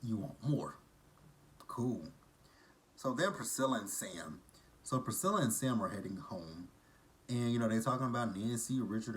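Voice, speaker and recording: A man with a fairly low voice talks through a TV episode in a loose, chatty recap. He breaks off into blunt, profane, mocking side comments. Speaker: TV episode reviewer.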